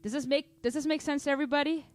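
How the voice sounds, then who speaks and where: A woman's voice: high voice, racing, slight background noise. Upbeat woman teaching drums. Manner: energetic, counts and sings rhythms aloud. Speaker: drum teacher. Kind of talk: live-streamed drum lesson. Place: home drum room. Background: drum kit.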